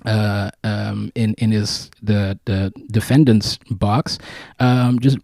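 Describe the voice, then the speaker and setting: A man co-hosting a casual podcast, talking in a halting, rambling way with many ums and restarts. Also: fairly low pitch, little pitch movement, gravelly, darkish tone, dry recording. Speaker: podcast co-host.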